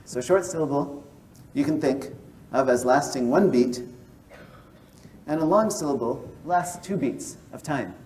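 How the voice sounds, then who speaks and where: Male mathematician, patient walk-through delivery, warm dark tone, recorded from a distance. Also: a little high, measured pace, a little hiss or hum. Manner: explains step by step, checks in with "right?". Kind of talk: explanatory lecture and interview.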